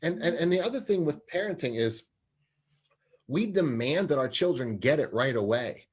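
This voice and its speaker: A man's voice: fairly high pitch, lively intonation, moderate pace, slightly rough. Earnest self-mocking man in his forties. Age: 40s. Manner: earnest and expansive, laughs at himself. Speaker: sports psychologist and parenting guest. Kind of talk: conversational interview.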